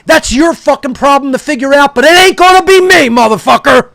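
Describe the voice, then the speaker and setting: Guy with a really high voice going off, swearing nonstop, super dry sound. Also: animated, a little fast, vocal fry, fairly bright tone, no echo. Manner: aggressive, berating, swearing constantly. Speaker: speaker. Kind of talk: profane ranting monologue.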